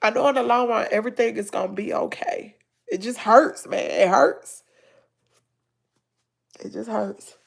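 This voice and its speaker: A woman's voice: on the high side, unhurried, vocal fry, long pauses, breathy edge. A middle-aged woman with a Southern accent, crying and stuffed up, talking heartfelt to her viewers. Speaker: family vlogger. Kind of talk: emotional livestream talk to viewers.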